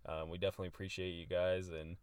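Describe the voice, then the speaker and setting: Male podcast co-host, deep smooth voice, easygoing chatty delivery with lots of fillers. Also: flat delivery, quick pace, a little mellow, no echo. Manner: laid-back, lots of fillers like "um" and "like". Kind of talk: casual podcast chat.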